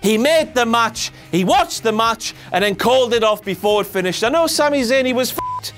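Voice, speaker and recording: A man with a strikingly high voice rants through a comedic wrestling review. He swears freely and lays on the sarcasm, with faint music running underneath. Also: animated, normal speed, fairly bright tone. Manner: profane, sarcastic ranting.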